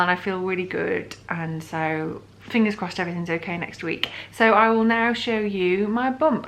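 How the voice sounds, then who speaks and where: Woman, from the UK, thirties, casual vlog chat, rambling, lots of fillers, mid pitch. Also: fairly bright tone. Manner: chatty, rambling with many fillers and restarts. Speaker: vlogger. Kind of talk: casual pregnancy update vlog.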